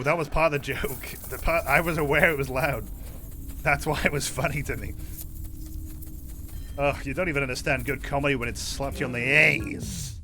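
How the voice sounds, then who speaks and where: A man streaming a game and chatting casually, rambling, sarcastic and swearing a lot. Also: medium pitch. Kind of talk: casual gaming stream chat.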